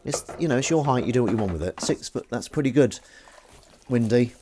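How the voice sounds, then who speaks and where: Young male stream host, casual chat, animated delivery. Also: medium pitch, fairly quick, noisy background. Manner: chatty, self-mocking, reads chat aloud. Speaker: livestream host. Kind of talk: casual chat while washing up.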